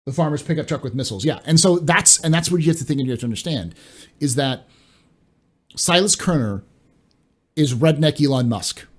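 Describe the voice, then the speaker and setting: A man's voice: fairly high pitch, expressive, brisk, pauses often. A man hosting a live stream, chatting casually and often stumbling over and repeating his words.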